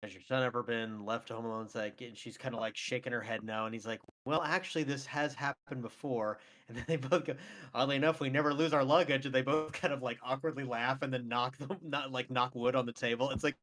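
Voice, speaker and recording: A man's voice: medium pitch, fairly even intonation, brisk, a bit bright. A man co-hosting a film podcast, chatting enthusiastically with frequent laughs and fillers. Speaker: podcast co-host. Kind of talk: casual film debate chat.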